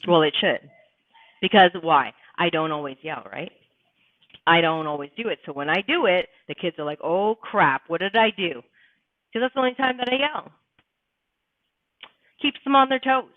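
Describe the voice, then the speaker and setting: A woman's voice: fairly low pitch, animated, moderate pace, long pauses, no echo. Blunt, profane woman on a tinny stream. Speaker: livestream host. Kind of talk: casual live-stream chat. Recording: tinny phone-like sound, dry.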